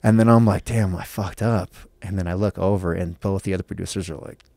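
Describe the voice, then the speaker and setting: An American man, a guest and professional fighter, telling a profane, animated story in casual chat and acting out the people in it. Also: sits low, fast, creaky, dry recording. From United States.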